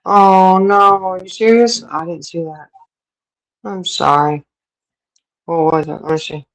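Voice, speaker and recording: A woman's voice: on the low side, level tone, unhurried, low-quality recording. A middle-aged woman hosting a livestream, chatting casually and laughing often as she answers viewers. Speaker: livestream host. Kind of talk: casual chat. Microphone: streaming setup.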